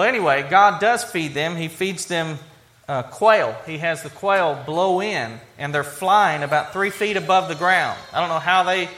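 Bright high-voiced male pastor preaching. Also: slight background noise. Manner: conversational preaching with quoted dialogue; stumbling restarts and fillers. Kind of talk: sermon.

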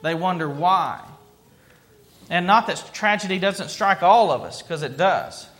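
A man preaching a sermon in an earnest, reflective way, pausing to let points land. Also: sits high, animated, fairly bright tone. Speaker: pastor.

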